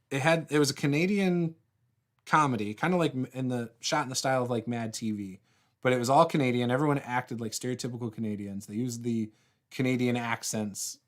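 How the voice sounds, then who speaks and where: Laid-back man chatting on a livestream. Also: medium pitch. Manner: rambling, laughs often, many fillers and restarts. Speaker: host of a tabletop RPG livestream. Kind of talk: casual livestream chat, reading viewer comments.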